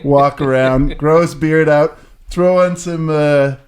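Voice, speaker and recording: A man cohosting a casual talk show, chiming in with jokes and loud impressions of friends. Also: fairly high pitch, steady tone, slow, clean tone. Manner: jokey, chimes in, shouts in impressions. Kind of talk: casual banter.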